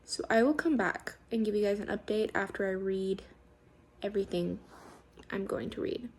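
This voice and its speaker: In a moderate-paced, mid-range voice that is husky, fairly even in intonation, and touched with vocal fry, a woman vlogs casually about her current reads. She's gushing and emotional, with lots of filler words.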